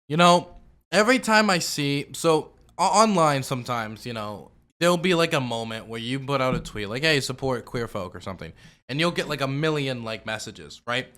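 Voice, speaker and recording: A man's voice: medium pitch, expressive, moderate pace, fairly bright tone. A man giving casual, sarcastic reaction commentary as a streamer, rambling with lots of fillers.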